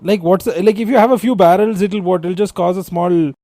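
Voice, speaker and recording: A man co-hosting a trivia podcast in casual chat, playful and animated as he tells stories. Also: high-pitched, fairly quick, no echo, clean studio sound. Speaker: podcast co-host.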